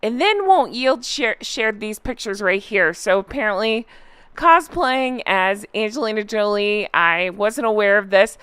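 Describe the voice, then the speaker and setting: A woman's voice: mid-range voice, animated, measured pace, fairly bright tone, clear, resonant tone, no room sound. A woman hosting a casual reaction commentary channel, chatty and amused as she reads out online posts. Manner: chatty, amused, frequently laughing.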